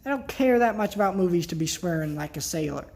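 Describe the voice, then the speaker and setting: A vlogger in a casual rant to camera, upset and worked up, talking bluntly with some swearing and sighing pauses. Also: medium pitch, expressive, darkish tone.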